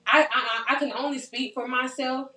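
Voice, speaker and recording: A woman's voice: sits high, steady tone, moderate pace, bright, forceful tone. A young woman hosting a podcast in casual chat, earnest and encouraging, often repeating herself for emphasis. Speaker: podcast host. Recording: roomy sound from a distant mic.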